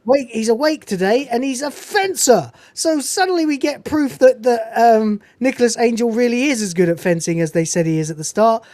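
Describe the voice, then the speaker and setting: A woman's voice: on the high side, moderate pace, few pauses, no room sound. A woman hosting a podcast, giving a casual, swearing-filled, digressive recap of a film scene. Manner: animated, profane, digressive. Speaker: podcast host.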